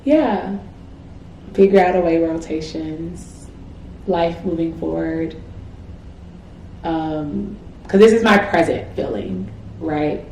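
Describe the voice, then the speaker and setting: Young woman, medical student vlogger; casual, self-encouraging delivery, slightly low pitch, recorded in a reverberant room. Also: slow, pauses often, warm tone, a little hiss or hum. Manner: reflective, self-encouraging, frequent "like" fillers. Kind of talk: candid personal vlog. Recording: echoey room with faint ambience.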